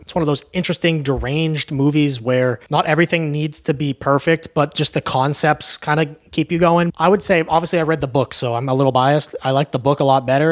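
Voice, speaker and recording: A young man giving a casual, profane movie recap, with frequent asides of "right?" and "like". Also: on the high side. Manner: chatty, profane, tags lines with "right?". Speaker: movie reviewer.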